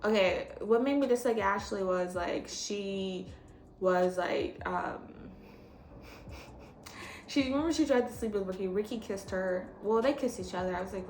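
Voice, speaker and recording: A young woman in casual chat as a vlogger, blunt and animated, swearing freely as she rants. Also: mid-range voice, normal speed, faint music behind. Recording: echoey room with faint noise.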